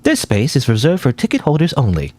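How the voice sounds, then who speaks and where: Cold automated station voice, officious and robotic in manner, read by a man, slightly raised pitch. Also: huge pitch swings, brisk, darkish tone.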